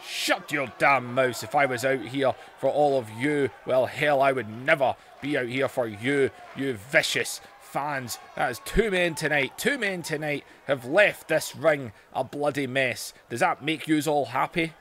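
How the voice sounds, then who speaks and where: A man's voice: mid-range voice, fairly bright tone, close to an everyday voice. A man doing a ranting old wrestling boss. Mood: angry rant. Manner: ranting, slow and scolding. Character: furious old male wrestling company boss.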